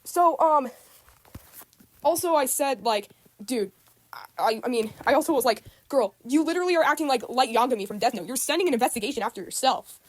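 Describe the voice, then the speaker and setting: A woman's voice: sits high, animated, brisk. A teenage girl, upset, rambling through a casual rant to camera, repeating herself with lots of ums. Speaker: student vlogger.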